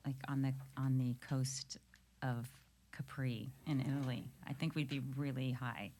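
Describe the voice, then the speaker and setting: A woman's voice: a bass voice, fairly even intonation, unhurried, mellow, slight background noise. A woman from New York, the show's sidekick, chatting easily and laughing often. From New York, United States. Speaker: podcast sidekick. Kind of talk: casual chat.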